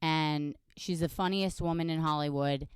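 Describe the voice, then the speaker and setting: A woman's voice: sits low, steady tone, normal speed, clear, resonant tone, dry recording, studio quality. A woman hosting a podcast in casual chat, candid and bantering, laughing easily. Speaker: podcast host.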